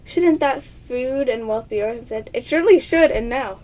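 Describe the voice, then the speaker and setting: A woman's voice: a little high, normal speed, hardly any pauses, darkish tone. A woman reading a choice-based text game aloud, stumbling over words and giggling through playful asides to her viewers. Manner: stumbles over words, often tongue-tied. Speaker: player of a text adventure game.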